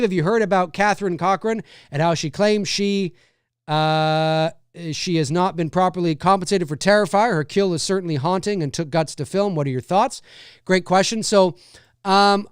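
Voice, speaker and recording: Casual male livestream host, rambling and reading viewer comments, smooth voice, dry sound. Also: high-pitched, no echo.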